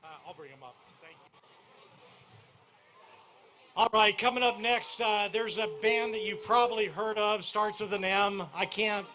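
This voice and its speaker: A man emceeing an event, former radio host, energetically shouting to rile up the crowd. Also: high voice, a little slow, long pauses.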